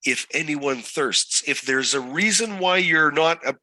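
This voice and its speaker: Slow, sharp-voiced male Bible teacher. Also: a little high, dry recording, low-quality recording. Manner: asks the listener many rhetorical questions. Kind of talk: scripture study lesson.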